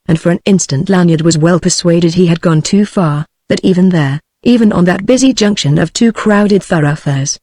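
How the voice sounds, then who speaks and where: A British-accented text-to-speech female voice narrating a novel as an audiobook, in a steady, synthetic delivery. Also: fairly low pitch, no room sound, clean studio sound. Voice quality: synthetic, even.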